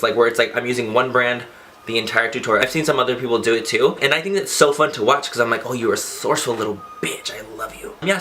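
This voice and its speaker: Bright-voiced campy young man. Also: medium pitch, slight background noise. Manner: chatty, campy, swears playfully. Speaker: beauty vlogger. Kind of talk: casual makeup tutorial.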